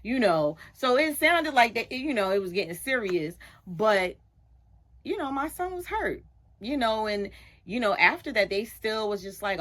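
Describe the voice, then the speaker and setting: A middle-aged woman, a radio show guest, animatedly retelling a story and acting out other people's lines in a higher voice. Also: lively intonation, normal speed, fairly bright tone. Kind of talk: storytelling in a casual chat.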